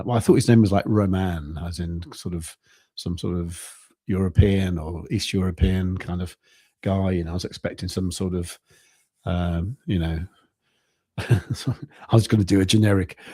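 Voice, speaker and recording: A man in his fifties hosting a crypto live stream, chatting in a rambling, halting way full of restarts. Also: fairly low pitch, dark tone, no room sound, clean studio sound. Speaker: crypto trading channel host. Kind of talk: casual live-stream chat.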